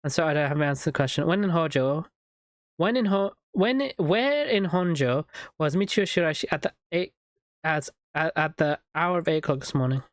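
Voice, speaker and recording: Brief: streamer reading game lines aloud, quick, mid-pitched voice, dry close sound. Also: expressive, no room sound. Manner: reads lines quickly, laughs and riffs.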